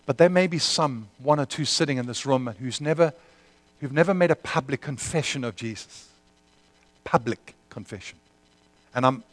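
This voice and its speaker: A man's voice: medium pitch, dry recording. Fervent male preacher, dry close sound. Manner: impassioned, rising to fervent prayer then quiet appeal. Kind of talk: sermon with prayer and altar call.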